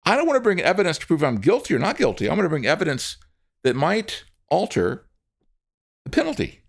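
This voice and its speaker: Brief: sly thief, eager and insistent, pitched high with grit, as a male storyteller does him. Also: sing-song, fairly quick, gravelly, full character voice. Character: cunning male thief pleading before a judge.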